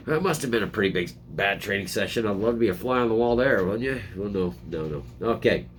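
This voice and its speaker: A man's voice: on the low side, animated, fast, hardly any pauses, a little hiss or hum. A man hosting a casual political commentary, reading headlines and ranting sarcastically from home, with frequent restarts. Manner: sarcastic, rambling, mocking voices in quotes.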